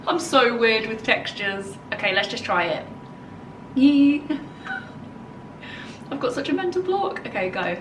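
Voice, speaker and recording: A woman's voice: a little high, lively intonation, takes it slowly, pauses often, recorded from a distance, background noise. A woman with an English accent chatting casually in a home vlog, bubbly and thinking aloud as she tastes food, then tidies the garden. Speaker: lifestyle vlogger.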